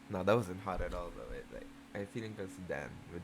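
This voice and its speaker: A host reading fan fiction aloud in a casual reaction video, moving between slow, even reading and loud, shocked, swearing outbursts. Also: deep voice, background noise.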